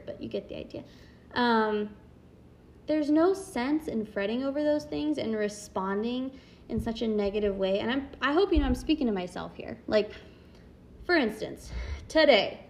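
A young adult woman with a fairly high, slightly mellow voice talks candidly and reflectively as a parent. It's a casual, chatty monologue stuffed with "like" fillers.

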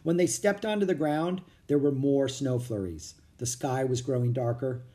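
A reader narrating a children's storybook aloud with an expressive delivery. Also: medium pitch, normal speed. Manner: expressive, animated reading. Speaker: audiobook reader.

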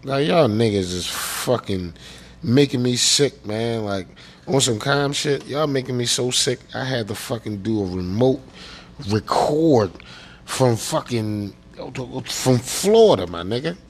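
A man's voice: medium pitch, expressive, measured pace. A man from Pennsylvania hosting a show, ranting casually and profanely and checking in with his listeners again and again. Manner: profane, repeats "you know what I'm saying". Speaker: podcast host.

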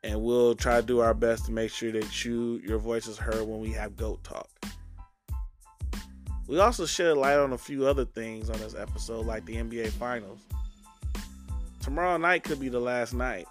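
A man's voice: mid-range voice, moderate pace, soft background music. Man hosting a casual sports podcast. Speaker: podcast host.

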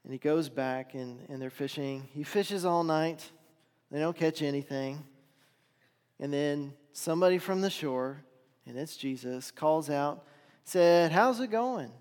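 A man preaching a sermon, retelling a story with dramatic swings between loud and hushed delivery. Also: on the high side, a little slow, clean tone, in a large hall.

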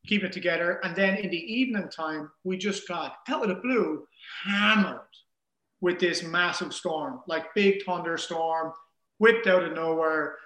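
A man casually telling a story in an animated way, acting out the things people said. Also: high voice, measured pace. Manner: animated, acts out quoted dialogue. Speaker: guest telling an ocean rowing story. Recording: roomy echo.

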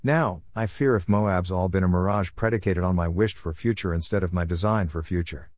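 A man reading his own reflective story in a measured, wry way. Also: low voice, darkish tone, dry recording, studio quality. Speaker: narrator.

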